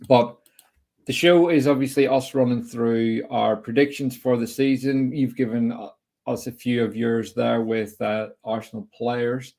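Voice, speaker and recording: A young man hosting a casual football podcast, chatty and opinionated, putting quick-fire questions to his guest. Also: medium pitch, steady tone, vocal fry, a little mellow. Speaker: host.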